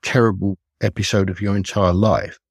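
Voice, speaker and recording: An older man with a husky, low-pitched voice tells of past investigations as a podcast guest. He speaks in an earnest, measured and reflective way. The sound is dry, with no room echo. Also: fairly even intonation. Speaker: retired police detective, podcast guest. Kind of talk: recounting cases in conversation.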